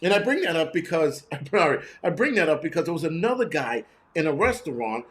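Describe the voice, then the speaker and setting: A man's voice: a little high, moderate pace. Blunt, profane male host telling stories. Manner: blunt, profane, animated storytelling. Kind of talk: casual storytelling monologue.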